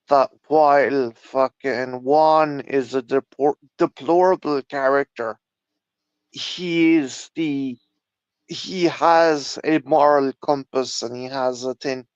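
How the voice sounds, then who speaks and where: A man's voice: mid-range voice, smooth, no room sound, dull audio. A man with an Irish accent, chatting casually and swearing a lot as he animatedly retells film scenes. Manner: swears constantly, animated storytelling. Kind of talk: casual chat.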